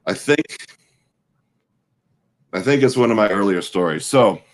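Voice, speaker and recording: A middle-aged Midwestern man with a fairly low voice tells a meandering story in relaxed conversation. He circles back and restarts his sentences as he goes, easygoing and chatty. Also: measured pace, rough recording. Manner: rambling anecdotal storytelling with frequent restarts. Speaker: guest storyteller. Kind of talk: casual chat.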